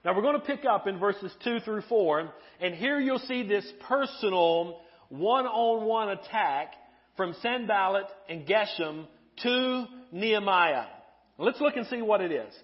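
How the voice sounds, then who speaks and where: Pastor guy preaching, higher voice, kinda muffled lo-fi sound, jokes around with the crowd. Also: unhurried. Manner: animated, asks the congregation questions; playful humor. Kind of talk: sermon. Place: church with live congregation.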